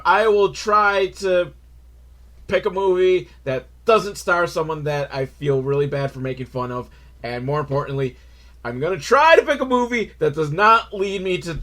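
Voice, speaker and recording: Animated male comedy podcast host. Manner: animated, swinging from loud excitement to low mumbling. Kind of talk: comedic movie review monologue.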